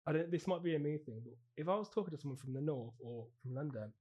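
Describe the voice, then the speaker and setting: A man's voice: a little high, expressive, fast, dark tone, lo-fi sound. A man with a Birmingham accent chatting casually and laughing easily.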